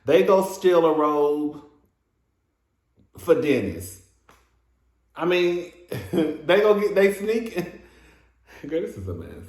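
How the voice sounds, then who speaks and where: In a reverberant space, a man with a voice on the high side speaks slowly, leaving long pauses. He's giving a sassy, gossipy review of a reality show episode, animated and full of laughing asides and "girl."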